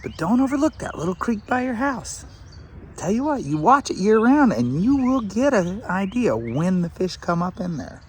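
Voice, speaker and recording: A man filming himself fishing a small creek outdoors, chatting excitedly and talking to the fish as he reels them in. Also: sits high, moderate pace, a little hiss or hum. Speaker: fishing vlogger. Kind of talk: casual on-the-spot fishing vlog.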